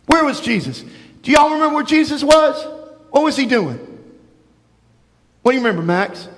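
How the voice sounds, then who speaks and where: A male pastor giving a sermon, telling a Bible story to children with animated storytelling and acted-out voices. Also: very high-pitched, normal speed. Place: church sanctuary. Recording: long church reverb.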